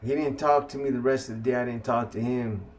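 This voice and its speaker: A man's voice: medium pitch, fairly even intonation, fairly quick, darkish tone, slight background noise. A man telling his own story to viewers in blunt street slang with heavy swearing.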